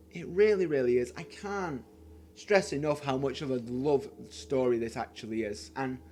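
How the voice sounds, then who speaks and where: Guy vlogging about films, kinda high voice, faint hum behind, super gushy. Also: a little mellow. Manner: enthusiastic, gushing, repeats words. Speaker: channel host. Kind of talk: casual movie review vlog.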